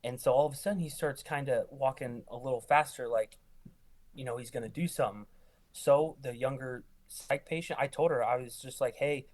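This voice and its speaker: A young man, an ER nurse guest, telling work stories in casual conversation and acting out quoted lines with jumps in pitch. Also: a little fast. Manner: animated, acts out quoted lines with rising pitch. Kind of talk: casual storytelling.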